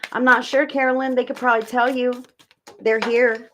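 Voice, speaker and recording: A woman's voice: fairly high pitch, flat delivery, moderate pace, a bit bright, a little hiss or hum. Chatty woman giving a live tarot reading. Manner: chatty, swearing, talks to viewers by name. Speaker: tarot reader hosting a live stream. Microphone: desk mic, turns away from it at times.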